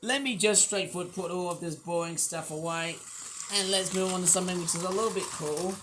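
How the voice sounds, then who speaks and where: Hoarse man, sore throat, rambling casual toy-review vlogger with lots of restarts. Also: high-pitched, fairly quick, background noise. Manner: rambling, repeats fillers and restarts. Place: quiet room at home.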